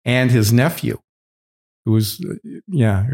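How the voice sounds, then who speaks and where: A man's voice: mid-range voice, animated, takes it slowly, a little mellow. A man casually telling a long story, candid and full of swearing. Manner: profane, candid and rambling.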